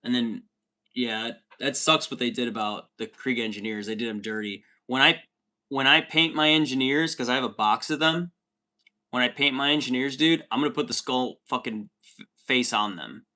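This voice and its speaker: Streamer, male, thirties, bright tense voice, rambling and profane, calls everyone dude. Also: medium pitch, normal speed. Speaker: livestream host reading chat. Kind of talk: casual chat.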